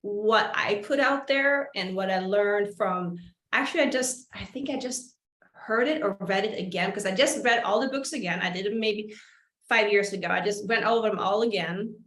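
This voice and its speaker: A woman's voice: mid-range voice, normal speed, a bit bright. A woman hosting a conversational interview, chatty and enthusiastic. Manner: enthusiastic, chatty, laughs often. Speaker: host. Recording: echoey room.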